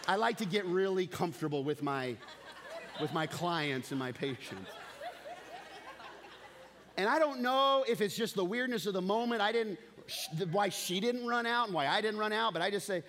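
A middle-aged man preaching from the pulpit, an animated storyteller who doubles back on his words as he gets going. His voice sits a little higher than most men's. A faint hum of room noise sits under him. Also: moderate pace, long pauses. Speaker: pastor. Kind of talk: sermon.

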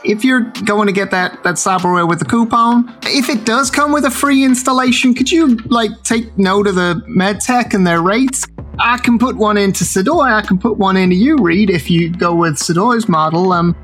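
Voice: mid-range voice, moderate pace, fairly bright tone, soft background music. A player in a tabletop game, talking in a laid-back, casual way.

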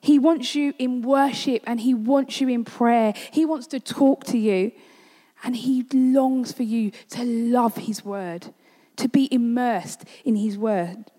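A woman's voice: on the high side, steady tone, takes it slowly, dark tone. A woman giving a sermon, telling a personal story in an earnest way. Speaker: preacher. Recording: long hall reverb.

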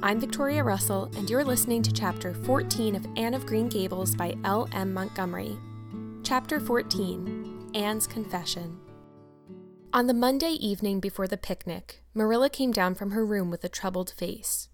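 A woman narrating a chapter of a classic novel for a podcast book club, in measured, clear storytelling. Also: mid-range voice, fairly even intonation, dry recording, studio quality, soft background music. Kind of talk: scripted audiobook narration.

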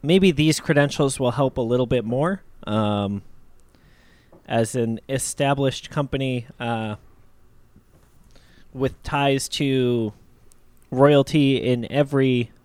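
A man's voice: medium pitch, slow pace, pauses often, darkish tone, no room sound, lightly acted. A man voicing a persuasive male adventurer in a tabletop game, speaking in a businesslike way. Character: smooth-talking male adventurer named Geppetto.

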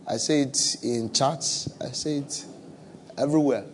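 A man's voice: medium pitch, measured pace, a little hiss or hum. Man preaching a sermon with a West African accent. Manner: conversational storytelling with humor, repeats phrases. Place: church with live and online audience.

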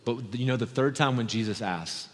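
A man preaching a sermon as pastor, talking in a conversational way that moves between quick asides and slow, quiet emphasis. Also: mid-range voice. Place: church sanctuary. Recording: long hall reverb from a church.

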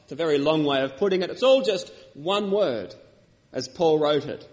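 A man's voice: on the high side, lively intonation, moderate pace, a little mellow, in a large hall. A man preaching a sermon in a church, teaching and putting questions to the congregation.

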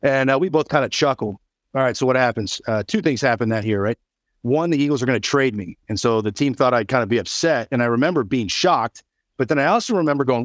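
A middle-aged man talks quickly as a video-call guest, acting out each bit of dialogue in his story. The sound is dry and close, with no room around it. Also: mid-range voice, animated, dry recording. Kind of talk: storytelling in an interview.

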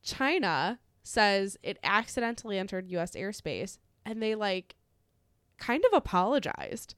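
A woman co-hosting a casual podcast, talking through the news in a loose, chatty way and swearing freely. Her voice is smooth and clear. The recording is dry and close, with no room sound. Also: mid-range voice, expressive, a little slow, a bit bright, no echo. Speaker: podcast co-host.

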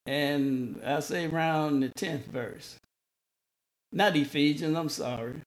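Slow, emphatic male preacher. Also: a little high. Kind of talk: sermon.

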